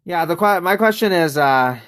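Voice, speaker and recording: A man's voice: high-pitched, expressive, normal speed, fairly bright tone, smooth. An American man chatting casually on a live game stream, greeting viewers by name and wandering through loose, rambling asides. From United States.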